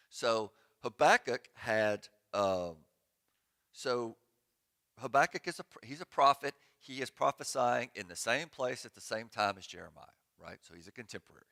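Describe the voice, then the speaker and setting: A male pastor preaching in a church sanctuary with a bright, forward voice. He keeps it conversational and drops sarcastic, joking asides. His pitch sits in a middle range. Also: gravelly. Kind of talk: sermon.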